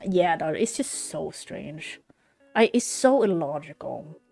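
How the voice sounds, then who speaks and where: A woman's voice: sits low, lively intonation, takes it slowly, gravelly, a little mellow, faint music behind. A young woman from Sweden, streaming and chatting casually in a frank, swearing, run-on way. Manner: frank, swearing, venting in loose run-on sentences. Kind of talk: casual chat. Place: home streaming setup.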